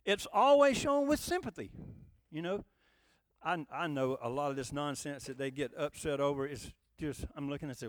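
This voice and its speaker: Lively high-voiced male preacher. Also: moderate pace, no room sound. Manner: conversational preaching with rhetorical questions; folksy, emphatic. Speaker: pastor. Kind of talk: sermon.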